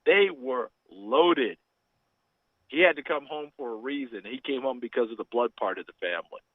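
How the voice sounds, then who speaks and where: A man's voice: mid-range voice, expressive, fast talker, no room sound. A man calling in to a radio show, speaking in a heartfelt, emphatic way about a former coach. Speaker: caller, former player. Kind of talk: radio call-in. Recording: tinny phone line, dry.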